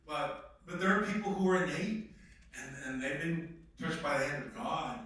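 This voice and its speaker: A man's voice: a little high, moderate pace, fairly bright tone. A man, an actor, speaking emphatically and conversationally to a workshop audience. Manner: emphatic, conversational, slips into mock voices. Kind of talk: animated talk to a live audience. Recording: echoey room, voice from a distance.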